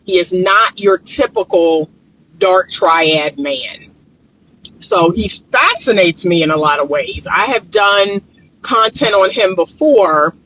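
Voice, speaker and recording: Expressive and slow, a male relationship therapist speaks in a high, sharp, groggy morning voice while recording casual vlog commentary outdoors in the sun. His phone is held or propped nearby, and the rough recording carries a little hiss or hum as he emphatically repeats points to his viewers.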